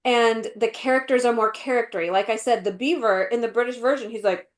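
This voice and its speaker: Animated woman chatting on a podcast. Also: fairly high pitch, a little fast, few pauses. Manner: animated, acts out quotes in voices, many fillers. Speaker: podcast co-host. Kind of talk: casual chat.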